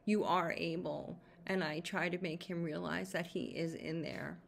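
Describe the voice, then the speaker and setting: Brief: lower-voiced woman caregiver, shaken and worried, halting video-diary talk, faint room hum behind. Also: fairly even intonation, gravelly. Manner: halting, repeats herself, many fillers. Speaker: caregiver to her husband.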